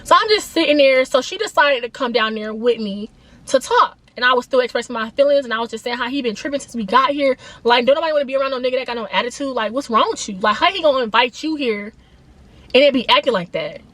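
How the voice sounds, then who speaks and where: A young woman with a bright, high voice tells a story straight to her viewers. Her delivery is animated and emphatic, full of casual slang. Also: fast, dry recording. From Atlanta, USA. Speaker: vlogger. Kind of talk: storytime vlog, casual retelling.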